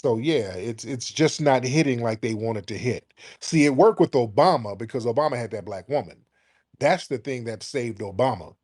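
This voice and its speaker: A man's voice: mid-range voice, animated, normal speed, a little mellow. A man from the United States hosting a call-in talk show, emphatic and swearing freely. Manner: brash, profane and emphatic. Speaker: radio show host.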